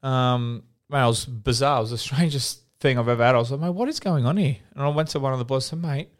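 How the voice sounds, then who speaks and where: In loose podcast banter, a young Australian co-host and ex-footballer spins animated stories and swears freely. He talks quickly in a mid-range voice that is clear and resonant.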